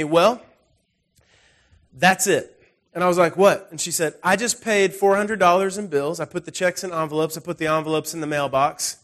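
A pastor with a high-sitting voice preaches a sermon in a relaxed, conversational manner. He tells personal stories and keeps restarting his sentences.

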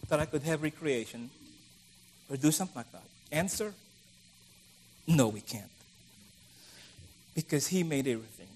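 A man's voice: a little high, animated, normal speed, long pauses, darkish tone, slight background noise. A middle-aged man preaching a conversational sermon, acting out the voices of the people he quotes.

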